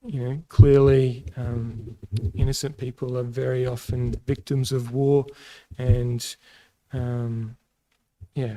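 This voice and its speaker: An Australian man teaching a casual Bible lesson, pausing often with ums and restarts. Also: mid-range voice, dark tone, poor audio. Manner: halting, many ums and restarts.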